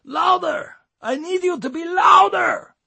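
A man's voice: very high-pitched, lively intonation, moderate pace, gravelly, slightly rough, no echo, pitched above the performer's own voice, full character voice. A man voicing a short, round, pushy food-stand boss who barks orders with a strong Cypriot accent. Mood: bossy. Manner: barking, shouting orders.

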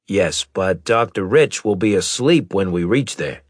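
A man's voice: deep voice, animated, measured pace, dry recording, studio quality. A man voicing a weary, dutiful male sergeant who speaks tiredly and deferentially.

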